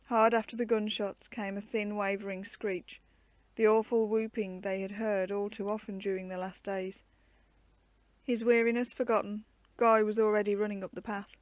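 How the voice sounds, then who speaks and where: A woman reading an adventure book aloud as a storyteller, measured and expressive. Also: mid-range voice, no echo.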